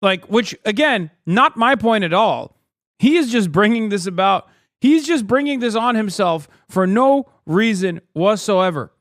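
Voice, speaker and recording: A man's voice: sits high, animated, unhurried, fairly bright tone, no echo, clean studio sound. A man streaming live, commenting sarcastically and mocking his critics.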